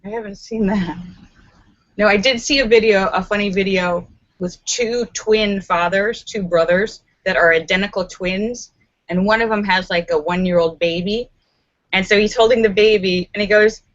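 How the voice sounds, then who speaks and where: At her home in Los Angeles, a woman hosts a casual live stream, reading viewer comments aloud and chatting playfully. Her intonation is fairly even and her pace normal, on a lo-fi recording. She laughs often and acts out stories using squeaky voices.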